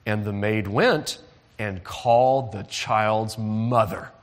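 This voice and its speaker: A man telling a Bible story to children in a church hall, lively, asking the audience to call out and join in. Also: lowish voice, takes it slowly. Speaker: children's preacher.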